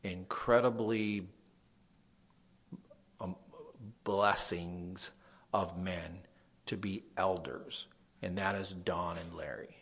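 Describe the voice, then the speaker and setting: A young man with a nasal voice, a pastor preaching a sermon, dropping to soft asides and rising to loud emphasis. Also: deep voice, steady tone, takes it slowly, pauses often, slightly rough.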